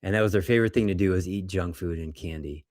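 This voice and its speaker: Male clinician lecturing on cases; lower voice, dry close recording, conversational storyteller. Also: quick pace, dry recording. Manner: conversational, animated storytelling, acts out patients' words. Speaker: doctor presenting lab cases. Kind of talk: lecture with case stories.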